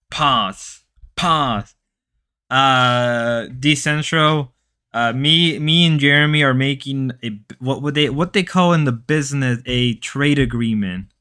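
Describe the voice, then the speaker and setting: A male livestream host whose first language is Spanish, rambling and bantering with his chat in a loose, joking way. His voice is bright and forceful, with a clear, crisp tone. He keeps drifting into playful mock voices. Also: mid-range voice, takes it slowly. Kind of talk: casual stream chat with viewers.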